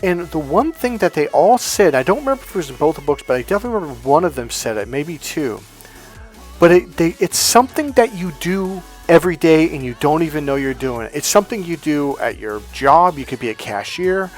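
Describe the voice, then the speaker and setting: A man with a slightly high voice tells a personal story in a loose, casual way. He is animated and swears freely, and jumps up loud when he acts out what people said. Faint music plays behind him. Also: brisk. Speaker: motivational coach.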